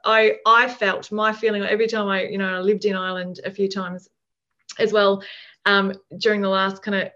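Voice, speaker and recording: A woman of middling pitch talks thoughtfully in casual conversation, circling her ideas with fillers and restarts. The recording sounds dull and lo-fi. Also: flat delivery, moderate pace, fairly bright tone. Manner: musing, many fillers and restarts. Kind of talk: reflective casual chat.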